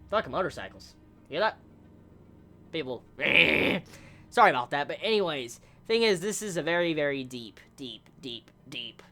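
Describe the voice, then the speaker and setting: A young man excitedly reviewing an anime episode in casual talk, swearing often and stumbling over repeated words. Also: fairly high pitch.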